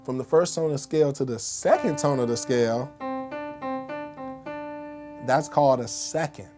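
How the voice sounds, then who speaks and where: A man's voice: medium pitch, normal speed. A man teaching a casual music lesson, speaking conversationally, demonstrating on a keyboard and often checking in with "okay?" and "right?". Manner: demonstrates on a keyboard while explaining.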